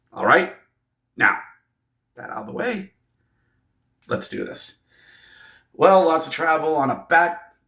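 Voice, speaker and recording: Male hockey fan vlogger, sarcastic, unhurried delivery, roomy echo. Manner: sarcastic, swings into excited high play-by-play. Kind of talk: sarcastic hockey game recap.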